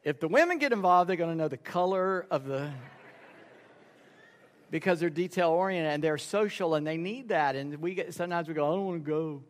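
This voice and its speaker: A man's voice: a little high, expressive, brisk. A man preaching a sermon as pastor, telling folksy stories and acting out the people in them. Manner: folksy storytelling, acts out dialogue in quoted voices. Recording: reverberant sanctuary sound.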